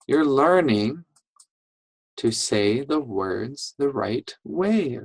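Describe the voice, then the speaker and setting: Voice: medium pitch, expressive, very slow, long pauses, slightly rough, no room sound, rough recording. A teacher giving a reading lesson to young children, patient and encouraging, checking in often. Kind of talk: online reading lesson for first graders.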